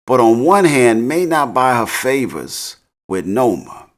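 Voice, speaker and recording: A man's voice: mid-range voice, big pitch swings, unhurried. A man casually recapping a TV episode in slang, laughing often. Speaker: TV recap host.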